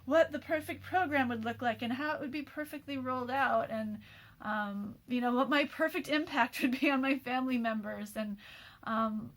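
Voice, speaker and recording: A woman's voice: sits high, normal speed. A woman in her forties, tired after a sleepless night, talking candidly in a rambling personal message with frequent restarts and light laughter. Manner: laughs often mid-sentence. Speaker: program host.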